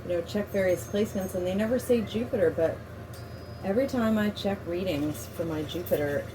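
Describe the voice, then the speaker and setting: A tarot reader and energy healer leads a guided meditation in a calm, measured, invocational manner, chanting a repeated prayer. Her voice is medium-pitched, with a noisy background.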